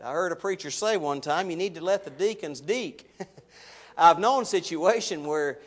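High-voiced preacher man, booming scripture. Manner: rises loud and high when quoting scripture. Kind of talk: sermon.

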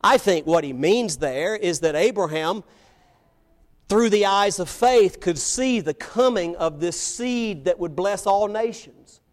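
At an evening church service, a high-voiced preacher delivers an animated, somewhat slow sermon from the pulpit, pressing his points with rhetorical questions. He speaks emphatically, his volume shifting between loud declarations and quiet asides.

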